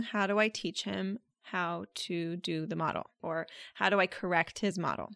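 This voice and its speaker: A woman's voice: mid-range voice, normal speed, gravelly, few pauses, a bit bright, dry recording, clean studio sound. A woman hosting a solo coaching podcast, speaking directly and conversationally as she quotes her listeners' questions and answers them. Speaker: podcast host and life coach.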